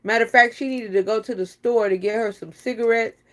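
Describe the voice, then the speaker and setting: A woman's voice: a little high, steady tone, brisk. A woman chatting casually on a live stream, teasing and talking straight to her viewers.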